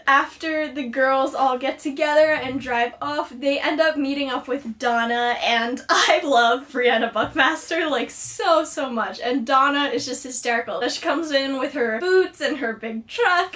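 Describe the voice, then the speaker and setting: A woman's voice: high voice, expressive, unhurried, a bit bright. A young woman vlogger recapping a TV episode in a gushing, chatty way. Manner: gushing, fangirlish, many likes.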